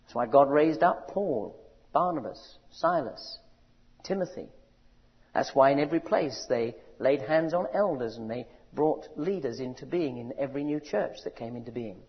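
Preacher in a big echoing hall. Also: male voice, a little high. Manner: rousing, rising to loud cries; asks the audience questions. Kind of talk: sermon. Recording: dull recording in a large reverberant hall.

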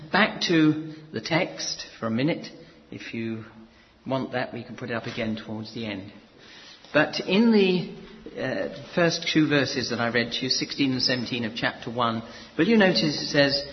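A male preacher teaches scripture in a measured, explanatory way and repeats key words for emphasis. His voice rings out through a large hall with a long echo. The recording sounds dull and slightly muffled, with a faint hiss underneath. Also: mid-range voice. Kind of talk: expository Bible teaching.

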